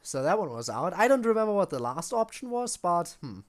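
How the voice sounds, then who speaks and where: A woman streamer chatting casually while playing a game, self-deprecating and quick to laugh. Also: on the low side, very animated. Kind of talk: casual gaming stream chat. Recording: faint game music behind.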